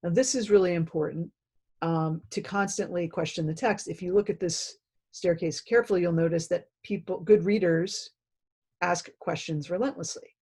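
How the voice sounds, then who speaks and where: Mellow-voiced woman explaining to teachers. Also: on the low side, steady tone, normal speed, breathy edge. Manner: conversational, direct explaining to teachers. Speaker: literacy teacher trainer. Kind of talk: self-paced training video lesson.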